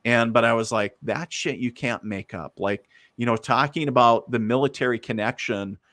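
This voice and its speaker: A man's voice: mid-range voice, normal speed, a bit bright, no echo, clean studio sound. A man, a guest medium, telling stories in a casual, rambling way with lots of fillers. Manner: rambling, many fillers, laughs easily. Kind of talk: casual storytelling.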